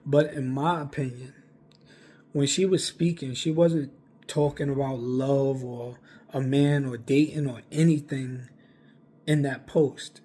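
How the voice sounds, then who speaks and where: A man hosting a vlog, giving earnest, measured commentary in short plain phrases. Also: medium pitch, dark tone, husky. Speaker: commentary vlogger. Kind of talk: reflective commentary.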